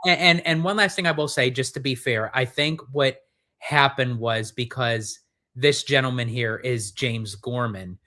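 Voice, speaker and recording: A man's voice: mid-range voice, measured pace, sharp tone. A man co-hosting a casual live stream, earnest and rambling in restarts. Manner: earnest, talks in run-on restarts. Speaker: co-host.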